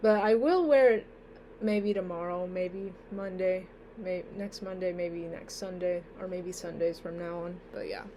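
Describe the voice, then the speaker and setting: A woman's voice: fairly low pitch, measured pace, dark tone, slight background noise. A young woman chatting casually in a vlog, rambling with lots of fillers and trailing off, sounding a bit sleepy and tired. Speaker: vlogger.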